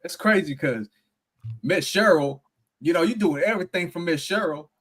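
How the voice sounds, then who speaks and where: A man in a casual religious discussion, talking in a relaxed way that is full of laughs and "man.". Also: a little high, moderate pace, husky.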